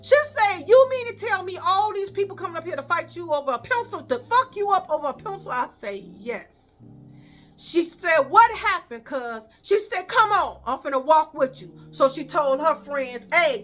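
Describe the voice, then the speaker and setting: A woman with a Chicago accent spins a story from her own life, high-pitched and bright, with a sharp edge to her voice. She talks casually and swears freely, acting out each line of dialogue with lively energy. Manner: animated, profane, acts out quoted dialogue.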